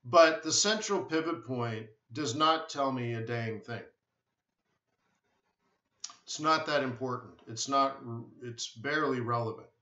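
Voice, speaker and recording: A man's voice: medium pitch, unhurried, bright, forceful tone. Blunt man in an echoey room. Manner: blunt, repeats words, emphatic. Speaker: forex trading webinar host. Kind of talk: live stream chat answering viewers. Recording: echoey room, dull lo-fi sound.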